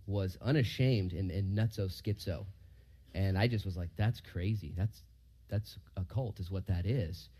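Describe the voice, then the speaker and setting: A man, a pastor, giving a casual verse-by-verse sermon in a church hall. He questions the room and moves from loud emphasis to quiet asides. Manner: conversational, asks the room questions, rises loud for emphasis and drops low for asides.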